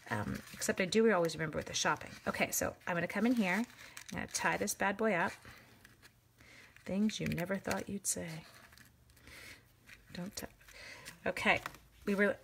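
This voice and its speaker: Recorded on a phone with slight background noise, a medium-pitched woman runs a live stamping craft demonstration. She keeps up a chatty stream of talk, animatedly exclaiming and welcoming viewers by name while she crafts.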